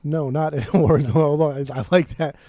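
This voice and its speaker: A young man co-hosting a casual podcast, animated and profane, teasing his friend. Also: fairly high pitch, fairly quick, a crowd in the background. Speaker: podcast co-host. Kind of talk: casual chat.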